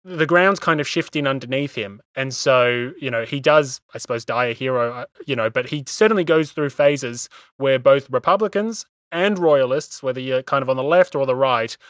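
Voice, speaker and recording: A man hosting a history podcast, explaining things in a measured way with small stumbles. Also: mid-range voice, a bit bright, no echo. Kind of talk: casual history discussion.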